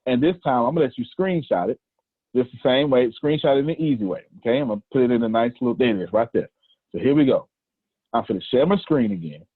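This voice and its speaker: A man's voice: mid-range voice, lively intonation, fast, husky, no echo. A man leading a group coaching call, emphatic, preachy and slangy, teasing his listeners as he goes. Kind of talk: lively coaching talk on a video call. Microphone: video call audio. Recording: tinny, dry call audio.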